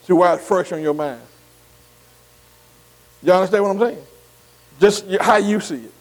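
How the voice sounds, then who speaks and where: A high-pitched man leads a Bible study class. He spells out Greek words letter by letter and keeps checking that the group is with him, with "see" dropped between phrases. His voice rings out with a long, lingering reverb. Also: moderate pace. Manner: keeps asking the class to follow along.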